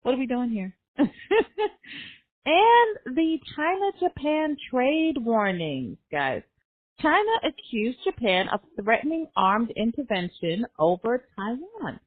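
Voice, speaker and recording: Woman podcast host, higher voice, sarcastic comic news recap, dry close sound. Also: sing-song, takes it slowly, husky, dry recording. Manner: sarcastic, laughs between jokes. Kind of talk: comedic news roundup. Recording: tinny phone-like sound.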